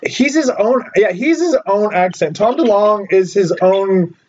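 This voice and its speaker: A man from California hosts a casual podcast chat, his voice pitched high. He teases his guests, laughs often and trips over his own restarts. The recording sounds dull and lo-fi. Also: animated, unhurried. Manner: chatty, teasing, laughs a lot, many restarts. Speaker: podcast host.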